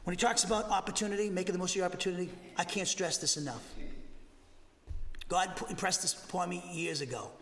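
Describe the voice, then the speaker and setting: A man in his sixties with a Boston accent preaches a Bible lesson in a conversational, restless way, breaking off and restarting as he goes. His voice is high and bright with a cutting edge. It carries through a church sanctuary with a long, lingering reverb. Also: fast. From Massachusetts. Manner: animated, conversational, with many restarts and asides. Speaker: pastor teaching a Bible class. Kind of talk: expository sermon lesson.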